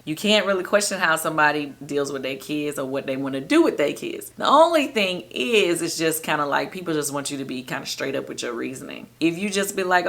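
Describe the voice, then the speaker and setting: Chatty woman with a bright, forceful voice. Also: fairly low pitch. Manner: animated and gossipy, laughs often, addresses viewers directly. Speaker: show host recapping episodes for viewers. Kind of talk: casual chatty recap.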